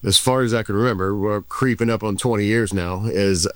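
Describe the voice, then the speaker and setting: A man in his forties, a former baseball pitcher, answering interview questions in a laid-back, reflective way with frequent restarts. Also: fairly quick, a bit bright, no echo. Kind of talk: casual interview.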